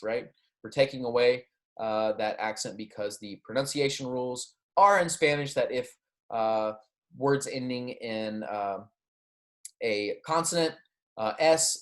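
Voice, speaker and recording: A man teaching a Spanish grammar lecture, explaining patiently, checking in often with "okay?" and "right?", and pronouncing the Spanish examples slowly and clearly. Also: mid-range voice. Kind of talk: recorded classroom lecture.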